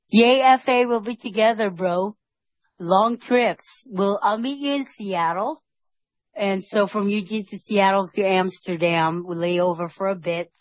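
A woman talking earnestly and emotionally about her faith and an upcoming trip, often halting and restarting. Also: mid-range voice, no room sound. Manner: speaks of God with devout fervor. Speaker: vlogger sharing a faith testimony. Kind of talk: heartfelt personal vlog.

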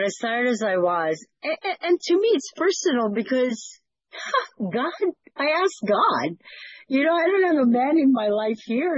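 Husky woman giving an earnest testimony. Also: a little high, no room sound, highs cut off. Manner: earnest, rambling, with repeated words. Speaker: fellowship leader. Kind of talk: personal testimony sharing.

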